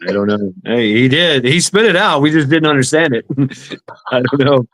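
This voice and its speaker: A man on a casual panel chat, talking in halting restarts with playful mimicry. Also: mid-range voice, lively intonation, fairly bright tone, dry recording. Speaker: panel guest.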